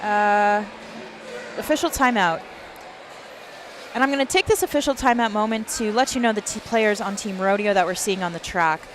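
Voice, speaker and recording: A woman announcing a roller derby bout live, briskly calling penalties, lead jammers and the player lineup. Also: medium pitch. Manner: brisk, reels off player numbers and names. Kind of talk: live play-by-play commentary. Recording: noisy venue background.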